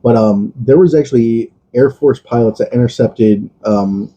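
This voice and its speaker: Dark-voiced man in rambling podcast chat. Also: mid-range voice, measured pace, slightly rough, highs cut off. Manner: rambling, profane, laughs often. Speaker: podcast co-host. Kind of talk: casual chat.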